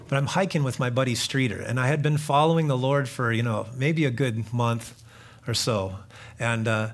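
A pastor preaching a sermon in a conversational way, rising to earnest emphasis and dropping to quiet reflection. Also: male voice, mid-range voice, creaky. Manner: conversational, with many fillers and restarts.

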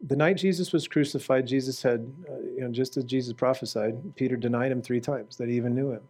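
A male preacher giving a fervent sermon to a congregation. He asks the audience direct questions and swings from shouting to quiet prayer. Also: mid-range voice, fairly even intonation, fairly quick.

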